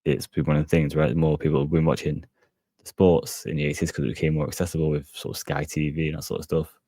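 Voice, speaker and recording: A podcast host with an extremely deep, husky voice, talking in a flat, rambling way full of fillers and hedges. The sound is dry and close, with no room around it. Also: male voice, quick pace, dry recording. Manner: rambling, hedging with many fillers. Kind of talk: casual solo podcast chat.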